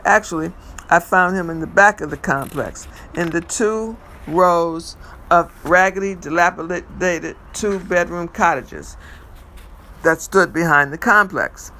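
A man reads a first-person novel aloud, steady and measured, now and then tripping over a word and restarting. His voice is bright and fairly high for a man. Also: a little hiss or hum, low-quality recording. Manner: measured first-person storytelling with occasional stumbles. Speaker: reader.

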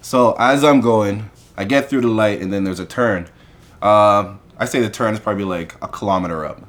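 A man casually telling an animated story in conversation, acting out the people he quotes. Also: fairly low pitch, normal speed. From Canada.

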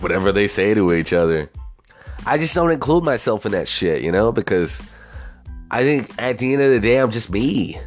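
A man from the United States speaks in a low voice that still swings widely up and down as he rambles. His talk is casual and profane, and he keeps turning to the listener with "you know what I mean?". Soft music plays faintly behind him. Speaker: monologuist.

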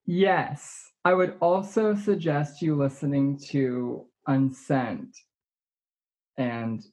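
A man's voice: mid-range voice, drawn-out words, darkish tone, low-quality recording. A man, the show's producer, chiming in during a casual chat with brief, teasing remarks. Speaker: executive producer.

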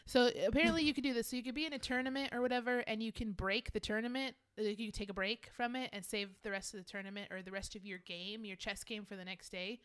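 A woman co-hosting a casual chat, telling an animated story and swearing freely. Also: on the high side, fast, hardly any pauses, smooth. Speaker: podcast co-host.

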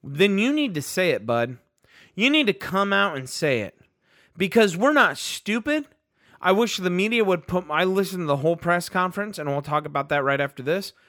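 A man co-hosting a sports podcast, heated and ranting, his voice rising into incredulous outbursts. His voice sits high and sounds bright and forceful. The recording is dry and close, with no room sound. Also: very animated, moderate pace, no room sound. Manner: fired-up, ranting, rising to shouts of disbelief. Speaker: podcast co-host.

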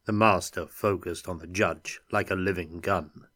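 A man narrating an audiobook with steady, unhurried dramatic storytelling. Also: deep voice, dry recording, studio quality. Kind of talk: scripted narration.

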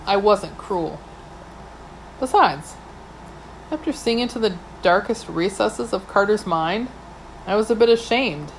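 A woman's voice: mid-range voice, slight background noise, low-quality recording. A woman narrating a novel in the first person, wry and dryly humorous. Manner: wry, dry humour. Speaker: audiobook narrator.

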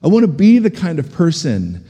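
A middle-aged man preaching a sermon as a pastor, animated and humorous, asking the congregation questions. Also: on the high side, moderate pace, husky. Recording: long hall reverb.

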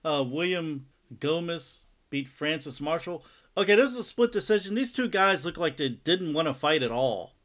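A man's voice: a little high, sing-song, normal speed, fairly bright tone. A man co-hosting a fight podcast, recapping bouts in a laid-back, loosely phrased way with frequent laughs. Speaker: podcast co-host. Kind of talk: casual sports chat.

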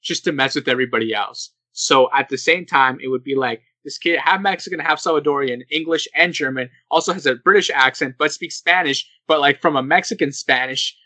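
Bright, lively young man podcasting. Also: fairly high pitch, brisk, hardly any pauses, no echo, poor audio. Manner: animated, laughing, acts out quoted people. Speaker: podcast host. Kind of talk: casual podcast chat.

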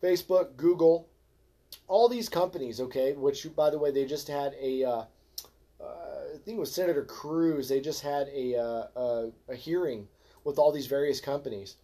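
A man hosting a podcast, ranting in a fervent, preachy way, calling his listeners folks and swinging from low mutters to loud exhortation. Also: normal speed. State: frustrated. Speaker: podcast host. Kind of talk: ranting religious podcast monologue.

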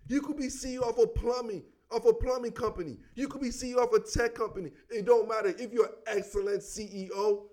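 Animated high-voiced man talking football. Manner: animated, slangy, repeats catchphrases. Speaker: sports show host. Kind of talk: casual sports commentary.

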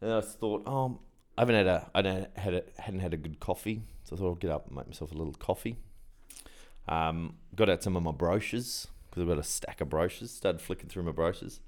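A man's voice: sits low, fairly quick. A middle-aged man with an Australian accent, telling a story on a podcast with laughs and acted-out quotes. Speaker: podcast co-host. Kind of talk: casual chat.

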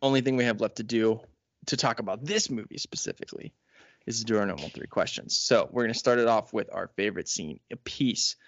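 A man's voice: on the low side, fairly quick. A man co-hosting a podcast in casual, teasing chat. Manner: joking, teasing, does mock ads. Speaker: podcast co-host. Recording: dry, dull lo-fi podcast audio.

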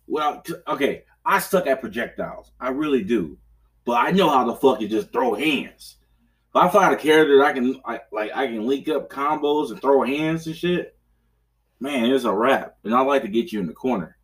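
A man hosting a casual podcast, rambling from one story to the next. He swears freely and laughs often, and loudly acts out his own raging outbursts. His voice sits at an ordinary middle pitch. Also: animated, moderate pace, distant mic. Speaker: podcast host. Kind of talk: casual chat.

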